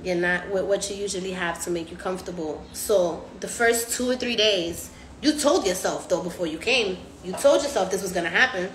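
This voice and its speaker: A woman's voice: on the low side, brisk, roomy sound, slight background noise. A woman hosting a casual live stream, slangy and profane, acting out other people's voices as she talks. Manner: animated, acts out patients' voices. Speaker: recovery house host.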